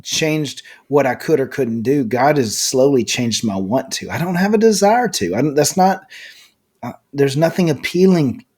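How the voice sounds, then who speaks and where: A man's voice: medium pitch, animated, normal speed, darkish tone, breathy edge. Earnest man, stumbling restarts. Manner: earnest, repeats words when starting sentences. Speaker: pastor and podcast co-host. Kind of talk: casual faith conversation.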